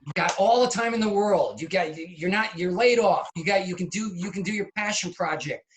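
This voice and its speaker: Animated storytelling man on a video call. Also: high-pitched, fairly quick, slight background noise. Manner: animated storyteller, acts out scenes, laughs at his own stories. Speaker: guest, comedy video maker. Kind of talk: casual interview.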